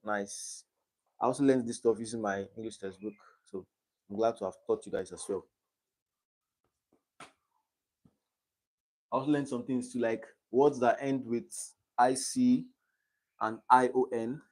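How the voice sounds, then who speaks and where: A man's voice: medium pitch, steady tone, a little slow, long pauses, darkish tone. Young man tutoring on a live stream. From Nigeria. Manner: reads quiz options aloud and checks understanding.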